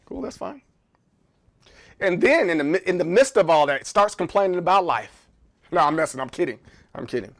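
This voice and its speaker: A man's voice: high-pitched, sing-song, normal speed, long pauses. A man streaming live in casual chat, rambling and joking, often repeating words. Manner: joking, playful.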